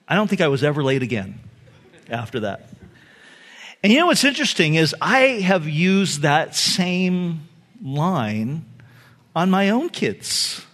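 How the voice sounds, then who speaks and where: A middle-aged pastor giving a sermon, telling a family story in a loose, conversational way with fillers and laughs. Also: male voice, sits high, sing-song, moderate pace, fairly bright tone. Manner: conversational, many fillers, laughs at own stories.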